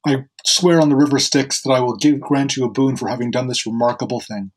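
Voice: mid-range voice, steady tone, fairly quick, husky, close to an everyday voice. A storyteller voicing the sun god as a casual, doting father who talks in modern slang. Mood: breezy, fond, pleading.

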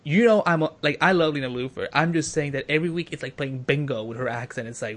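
A man's voice: medium pitch, fast talker, few pauses, a bit bright. A man hosting a podcast in casual chat, emphatic and playful. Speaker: podcast host.

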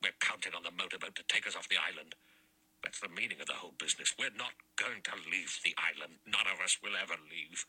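A man reading an audiobook voices an elderly general, sharp and testy, then dropping to a low, strange near-whisper. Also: brisk, husky, full character voice. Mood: grim.

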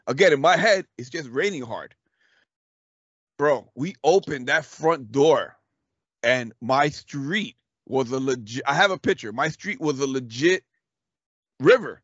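A fairly high-voiced man in his thirties tells a story in a loose, animated way, swearing and laughing as he acts out the quotes. The sound is dull and lo-fi, with a dry, close feel. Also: normal speed, no room sound. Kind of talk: casual storytelling chat.

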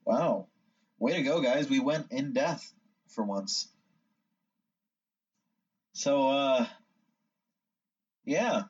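A man's voice: mid-range voice, lively intonation, drawn-out words, long pauses, darkish tone. Casual young male host, jokey and ribbing, muffled off-mic sound. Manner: joking, teasing. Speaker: podcast host. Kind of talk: casual chat. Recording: distant, dull-sounding mic.

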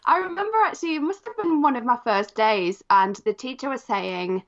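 A woman's voice: a little high, expressive, brisk, hardly any pauses, highs cut off. Reflective Polish-born woman, English accent. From Poland. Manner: reflective, with frequent "kind of" and "um". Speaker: guest. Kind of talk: podcast interview.

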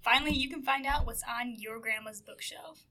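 A woman's voice: fairly high pitch, moderate pace, bright, forceful tone. A woman hosting a comedy book podcast, playful and upbeat in her banter. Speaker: podcast host.

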